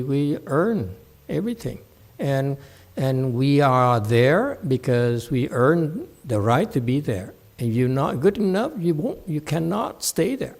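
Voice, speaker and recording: During a temple dharma talk, a man who is a meditation master bluntly berates a student, his low, measured tone breaking into loud, high bursts.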